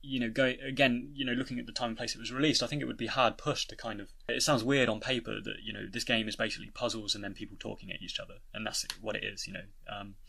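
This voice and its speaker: A man's voice: lowish voice, fairly even intonation, fast, creaky, few pauses, pushed and bright, husky. A young British man giving a casual, rambling spoken review of a video game, with many restarts and fillers. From Britain. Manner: rambling, frequent "you know" and restarts.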